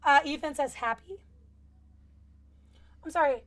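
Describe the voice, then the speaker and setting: A woman's voice: high-pitched, unhurried, a bit bright. A young woman co-hosting a casual youth group live stream from home, chatty, playful and often apologetic. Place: home with small children.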